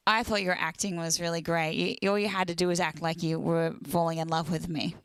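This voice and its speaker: A woman's voice: on the low side, flat delivery, fairly quick, noisy background. A young woman hosting a casual livestream, chatting and greeting viewers one by one by name.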